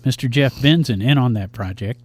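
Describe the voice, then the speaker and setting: A man's voice: mid-range voice, fairly quick, darkish tone, slightly rough, dry recording. A man co-hosting a local radio show, casually rattling off live-music listings with jokes in between. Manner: rattles off event listings, joking. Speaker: radio show co-host reading gig listings.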